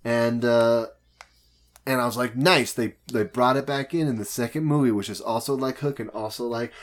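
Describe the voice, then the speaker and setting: A man co-hosting a casual chat, recapping a movie and acting out its characters in quick voice shifts. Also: medium pitch, fairly even intonation. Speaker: podcast co-host.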